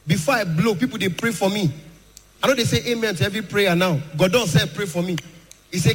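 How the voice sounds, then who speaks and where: A man's voice: high voice, a little fast. A man with a Nigerian Pidgin accent doing a stand-up comedy set, telling stories and acting out callers on a live stage. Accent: Nigerian Pidgin English. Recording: live hall with long reverb.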